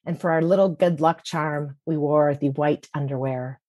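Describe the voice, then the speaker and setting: A woman's voice: low voice, steady tone, moderate pace, warm tone, no room sound, clean studio sound. A woman telling a personal story in a vivid, comic, present-tense way. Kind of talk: personal story told to an audience.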